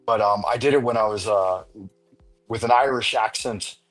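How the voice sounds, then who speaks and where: Low-voiced man hosting a rambling stream chat. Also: moderate pace, a bit bright, faint music behind. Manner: rambling, playful, with many restarts. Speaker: live stream panel host. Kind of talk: casual chat.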